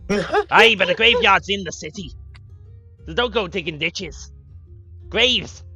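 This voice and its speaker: Man doing a captain, loud, gruff, bright tone, lo-fi audio, faint music. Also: lively intonation, takes it slowly, full character voice. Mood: gruff, blustery. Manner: booming, blustery. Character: loud gruff male dwarf guard captain.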